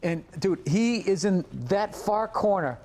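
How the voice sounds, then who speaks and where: A man's voice: high voice, measured pace, darkish tone. A man, a comedian, telling rambling, profane anecdotes in a casual chat. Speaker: comedian, podcast co-host.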